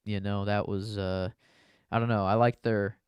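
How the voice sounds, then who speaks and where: Smooth-voiced man chatting casually. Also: fairly low pitch, flat delivery, moderate pace, no echo, lo-fi sound. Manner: rambling, many restarts and "you know". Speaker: podcast co-host. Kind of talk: casual movie discussion.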